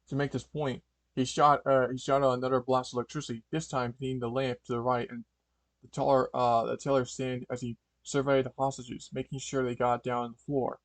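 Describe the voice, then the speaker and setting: A man's voice: mid-range voice, flat delivery, a little fast, no echo. A man reading a fan story aloud, stumbling, restarting and correcting words as he goes. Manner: stumbling, frequent restarts and fillers. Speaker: fanfiction reader.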